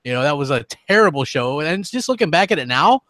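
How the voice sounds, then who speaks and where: A man's voice: on the high side, sing-song, a little fast, sharp tone, dry recording, clean studio sound. A man co-hosting a casual gaming podcast, blunt and sarcastic, swearing often. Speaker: podcast co-host.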